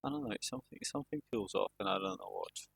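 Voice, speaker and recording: A man's voice: lowish voice, wildly swooping pitch, fast, gravelly, a bit bright, slightly rough, no room sound. A male streamer chatting casually on a live stream, tired and rambling in a self-deprecating way.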